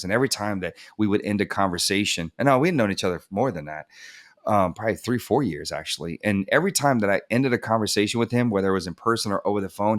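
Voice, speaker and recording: Man telling a vivid personal story. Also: lowish voice. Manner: animated, acts out quoted dialogue, laughs at himself; goes soft and subdued when telling the emotional part. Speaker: podcast guest. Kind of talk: candid storytelling in a podcast interview.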